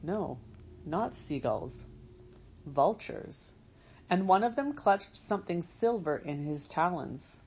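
A woman reading a storybook aloud as narrator, in a measured, steady way. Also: lowish voice, slightly rough, poor audio. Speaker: audiobook narrator.

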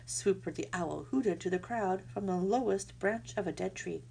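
A woman narrating a children's storybook aloud in an expressive, lively way. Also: medium pitch, moderate pace, vocal fry, few pauses, slight background noise.

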